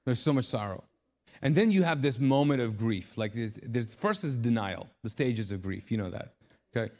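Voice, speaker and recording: A man's voice: medium pitch, animated, normal speed, a little mellow. A man preaching a conversational sermon live in church, telling a story with casual asides. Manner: conversational, chatty, frequent restarts. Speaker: pastor. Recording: live church hall reverb.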